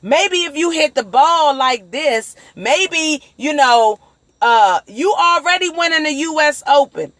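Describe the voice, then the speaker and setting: A woman hosting a casual motivational livestream on her phone, talking in a rambling, animated way and acting out the voices of people she quotes. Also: high-pitched, takes it slowly, no echo. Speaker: livestream host.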